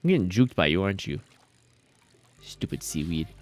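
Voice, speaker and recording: A man's voice: low voice, very animated, moderate pace. A man streaming a game, chatting casually in a rambling, jokey way and reacting to chat.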